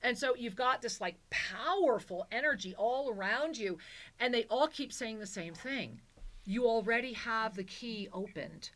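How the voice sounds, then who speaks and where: A woman's voice: a little high, animated, measured pace, a bit bright. A woman co-hosting a call-in spiritual talk show, speaking in a soothing, affectionate way as she gives a caller a soul reading. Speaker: co-host and spiritual teacher.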